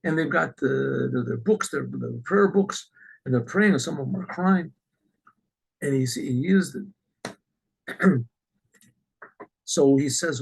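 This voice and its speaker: A man, a rabbi, telling a religious story in an animated way, often clearing his throat. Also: medium pitch, measured pace, pauses often, rough recording.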